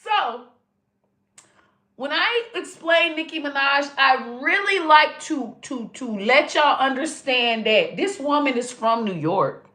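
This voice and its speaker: A woman hosting casual commentary, animated and profane, often jumping into high squealing voices. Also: takes it slowly. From American South. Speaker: host.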